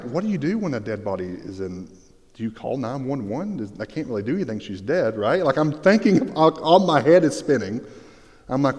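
Man, lively sermon storytelling, mid pitch, long hall reverb. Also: normal speed. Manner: animated storyteller, swings between hushed and excited. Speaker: pastor.

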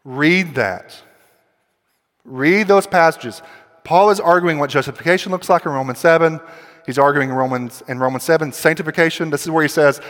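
Emphatic preacher in an echoing hall. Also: male voice, fairly high pitch, normal speed. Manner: emphatic preaching with rhetorical questions, building to loud passages. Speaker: pastor. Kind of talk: sermon. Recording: long hall reverb.

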